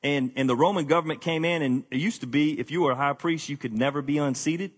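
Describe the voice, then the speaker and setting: Casual pastor preaching. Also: male voice, on the high side, quick pace, breathy edge. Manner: candid, self-deprecating, drops to a quiet confessional tone. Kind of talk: conversational sermon.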